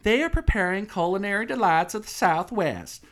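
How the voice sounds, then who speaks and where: A man's voice: sits high, expressive, normal speed, fairly bright tone, voice pushed up. A man voicing a perky fake woman tour guide who recites every detail in chirpy scripted patter.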